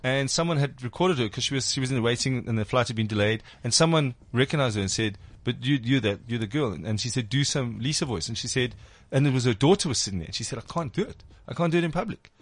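Host guy talking fast, dry studio sound, keeps spinning stories. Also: medium pitch, dry recording. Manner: rambling storyteller, quick jokey banter. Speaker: podcast host. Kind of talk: casual chat.

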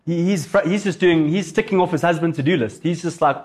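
A man preaching in a casual, storytelling way, with a voice pitched a little above most men. He retells a film scene with animated asides and turns it into a lesson. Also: fairly quick. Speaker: pastor. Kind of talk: sermon.

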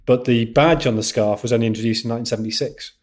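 Quick-fire pundit: an animated man talking fast, tripping over his words. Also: medium pitch. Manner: animated, stumbling restarts, quick. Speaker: podcast pundit. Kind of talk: casual chat.

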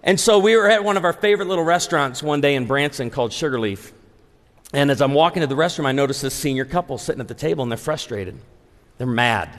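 A pastor in his forties preaching a humorous, story-driven sermon to a live audience, animated and acting out dialogue. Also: medium pitch, quick pace. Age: 40s. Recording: long hall reverb.

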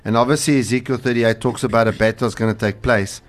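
A man's voice: mid-range voice, steady tone, fast. A man, a pastor co-hosting a casual religious talk show, earnest and rambling with fillers. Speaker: pastor and co-host.

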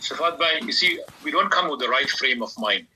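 A man's voice: on the high side, expressive, brisk, pushed and bright, a little hiss or hum, rough recording. A man giving a devotional talk as an Islamic scholar guest on a radio program, speaking fervently and stretching words for emphasis.

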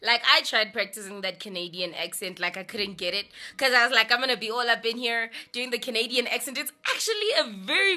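South African woman radio host, young, bright-toned, slightly high, chatty and loose. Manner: chatty, lots of "like" and "listen". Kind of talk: casual radio chat.

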